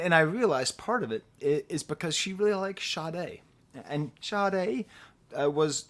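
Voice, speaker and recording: A middle-aged man giving a casual, rambling album review, animated and quick to laugh at himself. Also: fairly low pitch. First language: English. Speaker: music reviewer.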